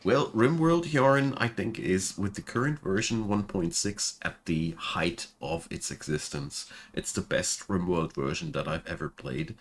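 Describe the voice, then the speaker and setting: Deep-voiced German man streaming. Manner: chatty, laughs at himself. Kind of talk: casual gameplay commentary.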